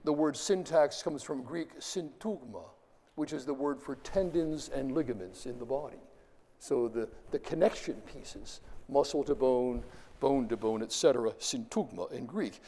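A man's voice: mid-range voice, moderate pace, mellow, in a large hall. A man giving a classroom lecture, explaining step by step and asking his students questions as he goes. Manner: explanatory, stops often to ask the class.

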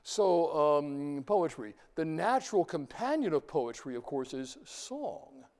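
A man lecturing his class in a lively way, talking to students and chanting examples aloud. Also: on the high side, takes it slowly. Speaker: university lecturer. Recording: reverberant lecture hall.

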